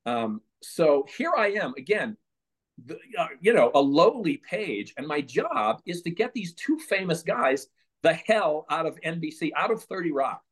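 A man telling lively stories as a guest in an interview. He acts out quotes and laughs through his anecdotes. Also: on the high side, measured pace, slightly rough. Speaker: podcast guest, former page.

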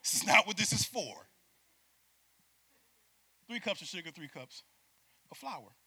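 A man preaching a sermon, moving between hushed asides and loud emphatic peaks and asking the congregation to repeat words after him. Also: high voice, very animated, a little slow, breathy edge, dry recording.

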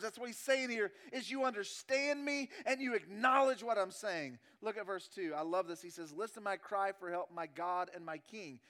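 High-voiced pastor, hushed to emphatic. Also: male voice. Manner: swings between loud emphatic passages and hushed, drawn-out soft ones; repeats and slows key phrases for emphasis. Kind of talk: sermon.

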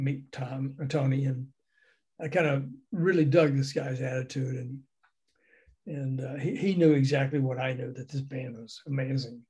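A man's voice: mid-range voice, slightly rough. An older man from the American South, telling anecdotes in an interview and acting out the people in them. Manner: animated, acts out the voices in his stories, laughs often. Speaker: guest recounting a music industry career.

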